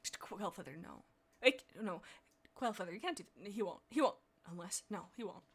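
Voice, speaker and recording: A woman streamer reading fan fiction aloud, breaking off often for excitable, laughing commentary. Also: mid-range voice, a little fast, slightly rough.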